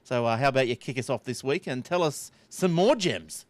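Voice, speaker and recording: A man hosting a tech podcast in a casual, chatty way, with quick asides. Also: medium pitch, animated, dry recording. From Australia. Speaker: podcast host. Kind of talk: casual chat.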